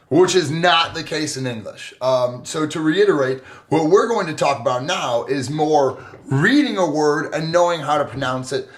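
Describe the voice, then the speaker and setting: Upbeat man co-hosting a language podcast. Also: high voice. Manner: enthusiastic, with lots of fillers and self-corrections. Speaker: podcast co-host. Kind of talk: casual explanatory chat.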